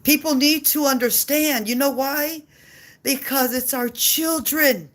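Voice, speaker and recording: A woman's voice: sits high, a little slow. Woman, impassioned rant, blunt and profane, repetitive delivery. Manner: passionate, blunt, swears freely, repeats herself. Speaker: mother ranting on video. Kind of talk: heated monologue rant.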